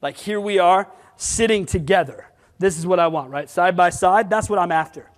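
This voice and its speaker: A man giving a conference talk, blunt and animated, throwing rhetorical questions at his audience. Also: sits high, normal speed. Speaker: sales management conference speaker. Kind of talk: conference presentation. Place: conference hall. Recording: long hall reverb.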